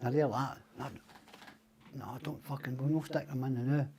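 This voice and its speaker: A man's voice: mid-range voice, flat delivery, a little fast, warm tone, slight background noise. A middle-aged Scottish man, a podcast guest, telling rambling, profane stories and acting out the other people's lines. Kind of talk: casual storytelling.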